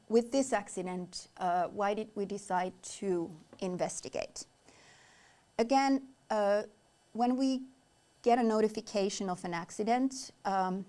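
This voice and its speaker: A woman from Finland, a native Finnish speaker, presenting a safety investigation at a formal briefing, measured and pausing on fillers. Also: mid-range voice, a little mellow. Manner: measured, with frequent filler pauses. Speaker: head of communications presenting an investigation.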